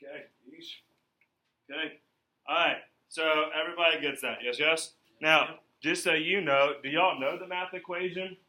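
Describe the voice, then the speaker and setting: A man leading a sales training seminar, coaching with lots of energy and asking his listeners again and again if they follow. His voice is fairly high and bright, and it comes from some distance off in an echoey room. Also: moderate pace. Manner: energetic, coaching, checks in often with "right?".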